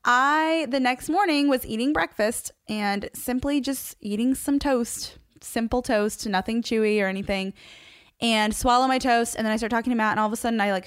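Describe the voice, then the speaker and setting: A young woman telling a personal story casually to her followers, chatty and animated, laughing often as she talks. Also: on the high side, no echo, clean studio sound. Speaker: social media creator.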